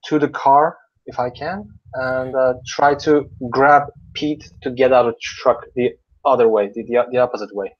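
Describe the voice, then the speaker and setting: A man's voice: mid-range voice, moderate pace. A hesitant man plays his turn in a tabletop game, stopping to restart and to ask how the scene is laid out. His voice comes through a dull, muffled, lo-fi microphone. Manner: hesitant, asks rules questions. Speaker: player. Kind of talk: casual tabletop play. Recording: dull lo-fi sound.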